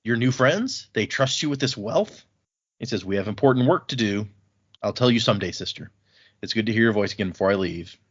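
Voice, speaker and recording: A man co-hosting a podcast, casually recapping book chapters and paraphrasing the characters' lines in an animated way. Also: on the low side, fairly quick, slightly rough, muffled recording. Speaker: podcast co-host.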